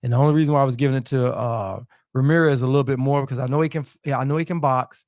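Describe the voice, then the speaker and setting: A man's voice: mid-range voice, steady tone, racing, darkish tone, no echo, clean studio sound. Casual man hosting boxing talk. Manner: loose, repetitive, peppers talk with "man". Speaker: boxing talk show host. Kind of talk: casual live-stream sports chat.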